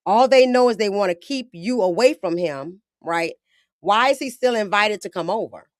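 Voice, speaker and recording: A woman's voice: medium pitch, lively intonation, moderate pace, no room sound, studio quality. A woman hosting a podcast, talking bluntly in casual slang, often acting out quotes. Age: adult with a daughter. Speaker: podcast host.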